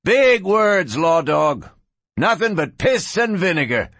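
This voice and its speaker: A man's voice: sits high, very animated, takes it slowly, fairly bright tone, no echo, pitched above the performer's own voice, full character voice. A man voicing an insolent young gunfighter who taunts in a mocking old-west drawl. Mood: taunting.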